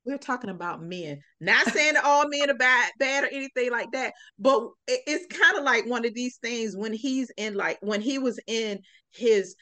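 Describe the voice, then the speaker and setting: A woman's voice: a little high, normal speed, hardly any pauses. A woman guest on a podcast chatting casually, with a sarcastic, comical way of telling stories and acting out quotes. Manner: animated, lots of acted-out quotes. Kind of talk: casual interview chat.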